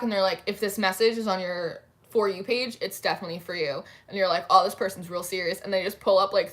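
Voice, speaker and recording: A young woman, chatting casually on a livestream and answering viewers' comments. Her talk is loose and full of "like" and small restarts, at a medium pitch for a woman. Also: fairly bright tone. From New Jersey, USA. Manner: chatty, says "like" a lot. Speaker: tarot livestream host. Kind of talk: casual chat reading live comments.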